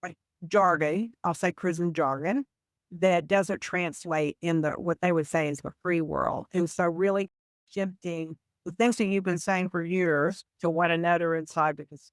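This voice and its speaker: Woman coach on a podcast, calm and explaining stuff, dry close sound. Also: lowish voice, no echo. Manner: measured, explanatory, gives examples. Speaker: podcast guest, communication coach. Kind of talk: conversational interview.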